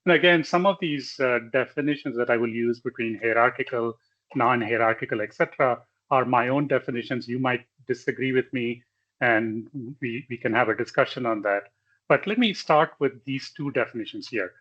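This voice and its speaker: Man, lecturer, technical slide talk, measured, lots of fillers, slightly muffled audio. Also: medium pitch, a bit bright. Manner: measured, with frequent fillers and self-corrections.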